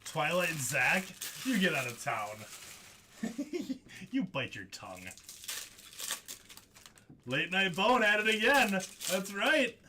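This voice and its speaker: A man hosting a live card break, excitable and jokey, laughing often as he calls out hits. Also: sits high, takes it slowly, pauses often, background noise. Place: studio.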